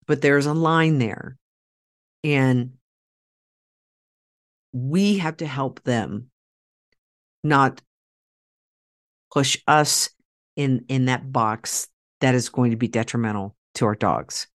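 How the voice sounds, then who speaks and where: Speaking at a slow pace with long pauses, this podcast host has an extremely low-pitched voice. She rallies her listeners head-on, pressing her case emphatically and repeating key phrases.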